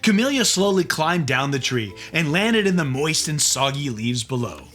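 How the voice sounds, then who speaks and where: Kids story narrator, reads with lots of ups and downs, bright tone. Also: medium pitch, big pitch swings, normal speed, faint music behind. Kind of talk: children's storybook reading.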